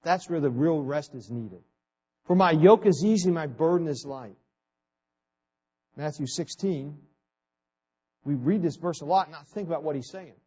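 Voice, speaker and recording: A man preaching a sermon at a fast clip, stumbling over repeated words and swinging from loud emphasis to quiet asides. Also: a little high, slightly rough. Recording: dull lo-fi recording.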